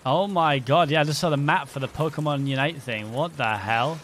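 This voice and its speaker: A man's voice: a little high, moderate pace, a bit bright, slight background noise. A man streaming a game, chatting casually and joking with his viewers. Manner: joking banter with chat. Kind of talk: casual live-stream chat.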